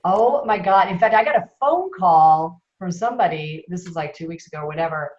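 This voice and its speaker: A chatty woman telling a story on a call, her pitch swinging up and down as she talks. She sounds animated and confiding. The call audio is roomy and a little dull. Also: a little fast. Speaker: member on a call. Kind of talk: casual chat.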